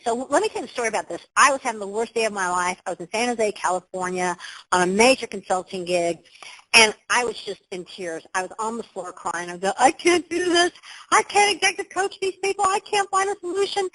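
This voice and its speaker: A woman's voice: mid-range voice, a bit bright, poor audio. Emphatic upbeat woman presenter. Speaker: webinar presenter. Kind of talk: motivational webinar talk. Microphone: computer.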